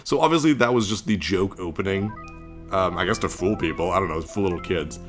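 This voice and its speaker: A man hosting a let's-play, chatting excitedly through his gameplay and laughing often. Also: low-pitched, brisk. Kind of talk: gameplay commentary. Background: game music.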